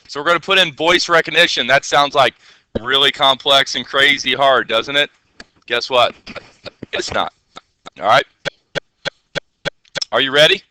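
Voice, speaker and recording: A male teacher giving a classroom coding lesson, energetic and constantly checking in with rhetorical questions. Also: a little high, no echo, low-quality recording.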